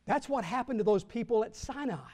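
A man, a Baptist pastor, teaching the Bible to his congregation in church, measured and emphatic, slowing and rising when he reads scripture. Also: very high voice, animated, darkish tone, in a large hall.

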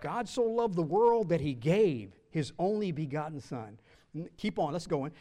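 Brief: high-pitched male pastor, sermon delivery, stretches key words, pauses for the congregation to fill in answers. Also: very animated, dark tone. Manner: calls out questions for the congregation to answer; draws out key words slowly for emphasis.

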